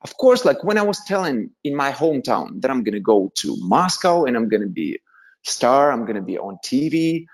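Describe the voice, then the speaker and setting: A man's voice: mid-range voice, normal speed. A young man from Russia with a Russian accent, telling stories as an interview guest and acting out quoted voices. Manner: animated, acts out quoted voices, laughs often. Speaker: guest, musician. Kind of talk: casual storytelling.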